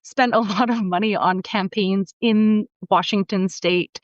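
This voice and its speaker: A woman's voice: medium pitch, fairly even intonation, measured pace, no echo, highs cut off. A middle-aged woman from Canada chatting casually as a podcast guest, laughing often. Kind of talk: casual chat.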